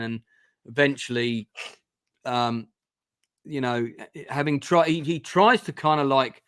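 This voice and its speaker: A man's voice: mid-range voice, fairly even intonation, measured pace, fairly bright tone, clean tone, dry recording, studio quality. A man hosting a casual review discussion, retelling scenes in a rambling way with frequent restarts. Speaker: host of a review channel.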